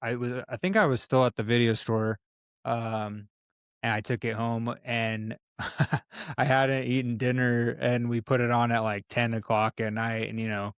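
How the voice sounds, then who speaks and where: Flat, smooth-voiced podcast co-host. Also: male voice, mid-range voice, no echo, clean studio sound. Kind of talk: casual podcast chat.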